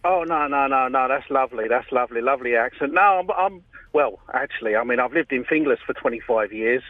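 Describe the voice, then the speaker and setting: A man's voice: mid-range voice, fairly quick, no echo. A man with a London accent, calling in to a radio show, chatting in a chirpy, friendly way and often repeating himself. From London, England. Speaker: caller. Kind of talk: phone-in radio chat. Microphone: phone. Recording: tinny phone line.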